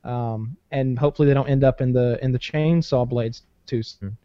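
A man's voice: mid-range voice, steady tone, normal speed, no echo, lo-fi sound. A man hosting a podcast in casual, profane banter, rambling with lots of fillers and restarts. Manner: rambling, swears often, many fillers and restarts.

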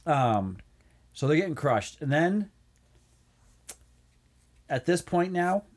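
A man's voice: fairly high pitch, very animated, takes it slowly. A man co-hosting a movie review chat, recapping scenes with lots of ums and laughter. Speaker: movie review podcast co-host. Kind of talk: casual chat.

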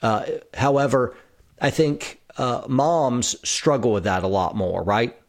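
A man's voice: mid-range voice, lively intonation, takes it slowly. A man hosting an interview, earnest and affirming, often rephrasing his questions back to the guest. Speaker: podcast host. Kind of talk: conversational interview.

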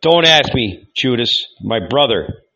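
A man's voice: mid-range voice, steady tone, a little slow, gravelly, lo-fi sound. A man reading aloud, voicing a troubled young man who speaks with bitterness and fear. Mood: contrite. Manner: contrite, bitter, subdued. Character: contrite troubled young man, quiet and fearful.

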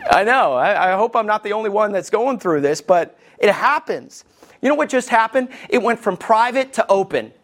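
Animated pastor preaching. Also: male voice, normal speed. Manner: animated, acts out quoted voices with big pitch jumps; calls out to the congregation for response. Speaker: lead pastor. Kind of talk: sermon.

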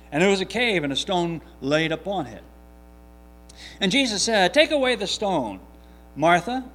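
A man's voice: on the high side, a bit bright. A man reading scripture aloud and then preaching a sermon, earnest and emphatic, repeating his key points with frequent restarts.

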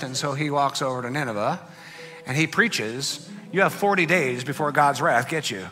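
A man preaching a sermon, telling a story dramatically and swinging between loud bursts and hushed lines. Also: mid-range voice, moderate pace. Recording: long hall reverb with faint music.

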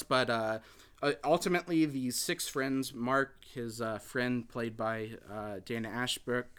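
Bright, clear-voiced man rambling through a film recap. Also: mid-range voice. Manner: rambling, hesitant, many filler words and restarts. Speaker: podcast host recapping a film. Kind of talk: casual film recap chat.

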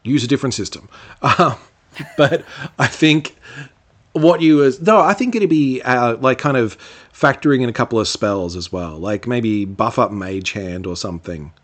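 This podcast co-host has a medium-pitched, slightly bright voice with lively intonation and normal speed. In casual chat he meanders through answers, full of fillers and restarts, and laughs readily.

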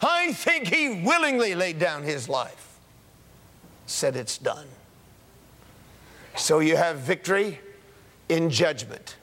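A high-pitched male preacher delivers an emphatic sermon, driving his points home with repeated phrases that climb and fall. His voice carries a long, lingering reverb from a large hall. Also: very animated, takes it slowly, pauses often, bright, forceful tone. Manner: emphatic, repeats key phrases in rising cadences.

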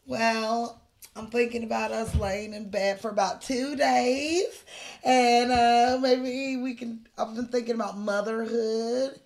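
A woman's voice: fairly high pitch, level tone, slow pace, creaky, a little mellow. A woman voicing a dreamy, reckless female outlaw in a casual scene read-through, drawing her words out.

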